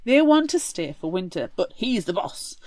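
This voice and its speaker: Woman co-host, mid-pitched, expressive, wry plot summary, dry recording. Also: normal speed, no echo. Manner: wry, sarcastic asides while summarizing. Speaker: podcast co-host. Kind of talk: casual book recap.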